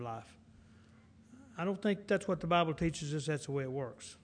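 A man's voice: fairly high pitch, brisk. A man preaching a sermon in a folksy, conversational way, acting out the dialogue of the people in the scripture.

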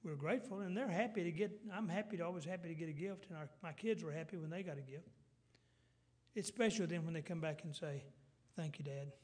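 A middle-aged man, preaching a folksy sermon with halting restarts. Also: on the high side, a little mellow.

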